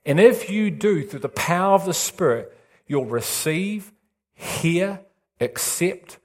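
A man's voice: high voice, animated, slow pace, a little mellow. A man preaching a sermon with urgent intensity and emphatic repetition.

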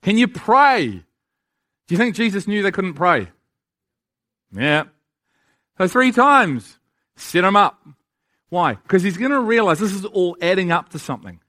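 Male preacher, high pitch, emphatic sermon delivery that keeps asking the listeners questions. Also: sing-song, a little slow, long pauses, sharp tone. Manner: emphatic, asks the audience rhetorical questions.

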